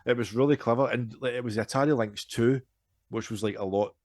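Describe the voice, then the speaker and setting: A man's voice: mid-range voice, quick pace, dry recording. Man in his forties, close dry mic. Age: 40s. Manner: animated, self-deprecating, frequent restarts and laughter. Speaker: podcast co-host. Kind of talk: casual storytelling chat.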